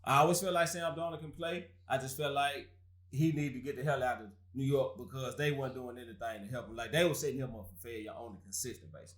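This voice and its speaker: A man's voice: mid-range voice, fairly even intonation, fast, fairly bright tone. A man hosting a casual sports talk show, trash-talking rival fans with frequent laughter.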